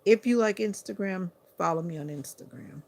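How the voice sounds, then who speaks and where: Sleepy, gravelly-voiced woman chatting on a livestream. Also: on the low side. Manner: unhurried, chatty, talking to viewers. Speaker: livestream host. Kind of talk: casual livestream chat.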